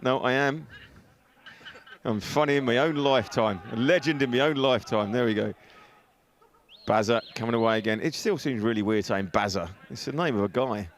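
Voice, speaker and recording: A man's voice: mid-range voice, normal speed, a little hiss or hum. A man giving live football commentary from an outdoor stadium on a headset mic, chatty and joking, often laughing. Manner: jokey, chatty, laughs often, self-mocking. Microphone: headset with earpiece.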